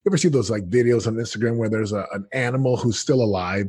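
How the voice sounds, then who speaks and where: Earnest man, husky low voice. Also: quick pace, no echo, studio quality. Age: 30s. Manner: earnest, animated, quotes himself often. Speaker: podcast guest. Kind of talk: candid storytelling.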